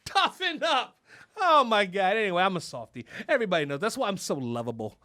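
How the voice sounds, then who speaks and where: A man's voice: sits high, huge pitch swings, fast, bright, forceful tone, no echo. A man hosting a podcast in a studio, riffing in casual, profane, comedic talk with frequent laughs. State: sweating. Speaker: podcast host.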